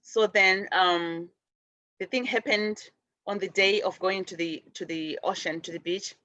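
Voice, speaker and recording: A middle-aged woman gives a gentle spiritual talk, wandering from thought to thought and circling back with fillers and restarts. The sound is dry and close, a little dull and lo-fi. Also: mid-range voice, fairly even intonation, a little slow, no room sound. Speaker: spiritual show host. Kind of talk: casual spiritual teaching.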